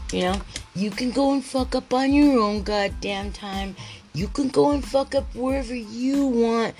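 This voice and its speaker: Gravelly woman ranting, swearing. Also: mid-range voice, low-quality recording. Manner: heated, swears constantly, restarts thoughts. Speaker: podcast host. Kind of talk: rambling profane monologue.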